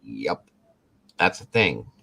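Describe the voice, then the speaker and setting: A man's voice: extremely low pitch, sing-song, slow, vocal fry, pushed and bright, husky. A man hosting a live stream, chatting casually and teasing viewers, sometimes putting on a country twang. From Wisconsin. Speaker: livestream host. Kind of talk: casual chat.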